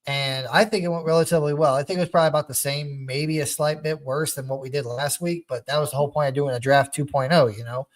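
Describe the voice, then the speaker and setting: A young man co-hosts a casual football podcast, slightly high in pitch. He talks in an animated, rambling way, full of restarts and fan excitement. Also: fast, hardly any pauses. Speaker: podcast host. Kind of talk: casual sports chat.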